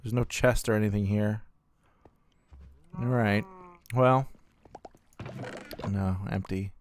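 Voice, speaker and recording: A man's voice: fairly low pitch, fairly even intonation, takes it slowly. A man hosting a gaming channel, thinking aloud in casual gameplay commentary with plenty of fillers and trailing thoughts.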